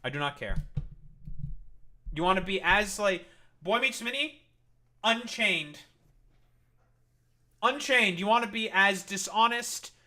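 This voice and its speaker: A man's voice: high-pitched, lively intonation, takes it slowly, pauses often, pushed and bright. A man streaming live and commenting in a heated, profane and sarcastic rant.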